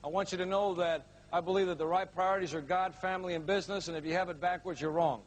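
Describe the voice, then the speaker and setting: A man's voice: high-pitched, steady tone, fast talker. A man giving an emphatic, dramatic motivational speech, telling a story to a live audience. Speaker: motivational speaker.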